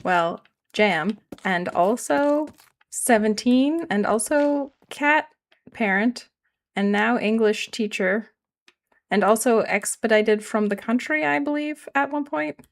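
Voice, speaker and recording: A woman's voice: fairly high pitch, slow. A woman from Canada with a regional Canadian accent, chatting casually with her live-stream audience while building in a game, rambling and self-deprecating.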